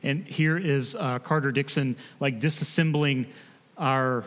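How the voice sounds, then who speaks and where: A man, a pastor preaching in a relaxed, conversational way with joking asides to his congregation. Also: mid-range voice, measured pace, in a large hall. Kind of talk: sermon. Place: church sanctuary.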